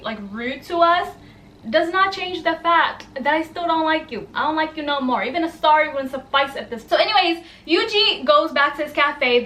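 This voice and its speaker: A young woman vlogger telling a casual story to her channel, animated, with quick asides, acting out what each person said. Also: high-pitched, echoey room. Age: young adult.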